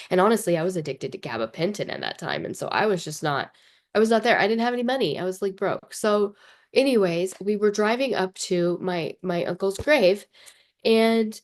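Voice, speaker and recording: A woman hosting her own show, talking in a rambling, emotional confessional monologue full of "like", close to tears. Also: fairly low pitch. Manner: rambling and emotional, heavy use of "like". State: tearful, close to crying. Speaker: podcast host.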